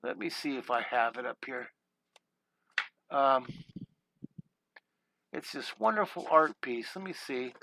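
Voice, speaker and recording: Upbeat, bright-voiced man teaching drawing. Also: mid-range voice, expressive, a little slow, long pauses, slight background noise. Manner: upbeat, chatty, enthusiastic with exclamations. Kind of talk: live-streamed drawing lesson.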